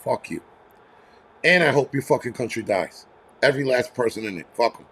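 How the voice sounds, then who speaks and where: A man's voice: medium pitch, expressive, fairly quick, a bit bright, slightly rough. A man hosting a casual livestream, ranting bluntly with a lot of swearing and rambling asides. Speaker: livestream host. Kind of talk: casual angry livestream rant. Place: home near a terrace.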